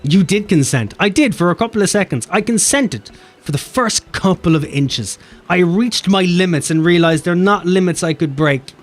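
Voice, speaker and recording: A man's voice: sits high, expressive, moderate pace, faint music behind. An Irish man streaming a game, joking, swearing and reading the game's lines aloud. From Ireland. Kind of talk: casual game stream chat.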